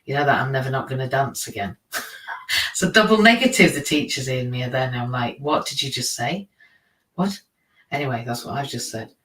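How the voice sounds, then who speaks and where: A man's voice: mid-range voice, fast talker, a bit bright. A man hosting a live stream in a casual, rambling, self-deprecating monologue, laughing often at his own slips. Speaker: teacher. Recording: roomy, from a distance.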